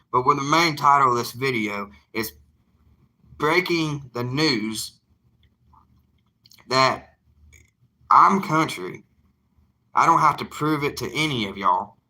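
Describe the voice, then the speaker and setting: A man's voice: mid-range voice, pushed and bright. A young man with a Southern US drawl talking to his viewers in a casual vlog monologue, emphatic and folksy, repeating lines for emphasis. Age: young adult. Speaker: evangelist vlogger.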